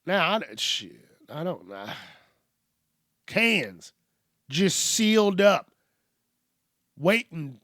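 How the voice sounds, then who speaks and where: A man's voice: sits high, very animated, extremely slow, long pauses, bright, forceful tone, no room sound, studio quality. A male podcast host riffing casually on news stories, joking and swearing freely. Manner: profane, joking, rhyming asides.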